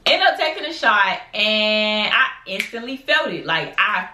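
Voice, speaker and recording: A woman vlogger telling a lively storytime to her viewers, acting out the voices of people in it and talking casually to the audience. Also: medium pitch, unhurried. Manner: animated, acts out voices in quotes; colloquial, addresses viewers as y'all. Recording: echoey room with background noise.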